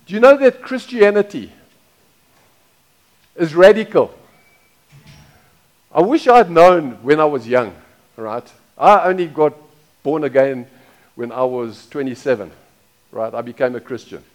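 A man's voice: fairly high pitch, unhurried, long pauses. A middle-aged man preaching a sermon as pastor, talking casually, repeating phrases and asking the congregation questions.

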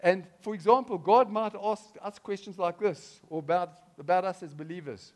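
Man, pastor mid-sermon, slightly high voice, punchy swings from loud to hushed, quizzes the flock. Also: normal speed, few pauses. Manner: dynamic, swings between loud and hushed, keeps asking the congregation questions. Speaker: preacher.

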